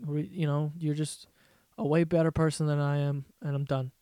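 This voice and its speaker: A man's voice: fairly high pitch, little pitch movement, moderate pace, dark tone, clean tone, no room sound, clean studio sound. A young man rambling through profane, laugh-filled stories as the host of a casual comedy podcast.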